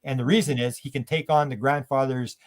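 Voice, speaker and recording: A man's voice: medium pitch, steady tone, a little fast. A man from Canada, a guest in an interview, who rambles animatedly and acts out quotes.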